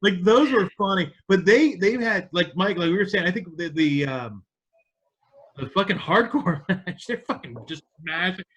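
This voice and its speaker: A man hosts a casual podcast with a bright, ringing tone. He tells stories excitedly and swears freely. His voice sits a bit higher than most men's. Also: normal speed, breathy edge. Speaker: podcast host.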